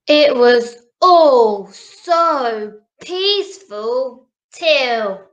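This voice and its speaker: A woman reading a picture book aloud to children in a slow, sing-song, animated way. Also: high-pitched, muffled recording. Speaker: storybook reader. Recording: roomy echo.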